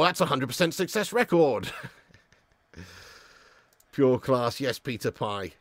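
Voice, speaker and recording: A man hosting a live football watch-along, commentating as an excitable, swearing fan. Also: mid-range voice, takes it slowly, long pauses, dry recording.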